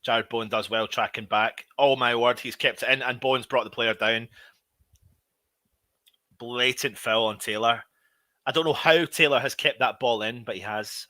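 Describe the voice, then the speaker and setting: Male fan host, running live match commentary, excitable and frustrated, tense bright tone. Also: medium pitch, moderate pace, no echo. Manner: excitable, shouts at big moments, grumbles at players. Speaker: fan watch-along host. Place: at home.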